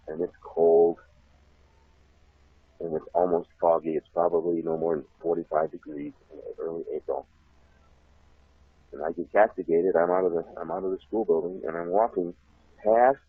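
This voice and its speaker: A man's voice: low voice, breathy edge, dry recording. A man telling a long personal story as a guest in an interview, chuckling often and circling back on himself. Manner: laughs often, repeats himself, animated. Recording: tinny phone line, dry.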